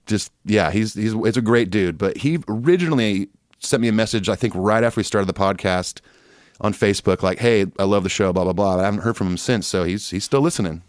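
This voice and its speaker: A laid-back man co-hosts a podcast and reads listener emails in a rambling, friendly way. His voice sits on the low side and sounds dry and close, with no room around it. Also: fairly quick, no room sound. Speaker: podcast co-host. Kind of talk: casual chat, reading listener emails. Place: Nashville.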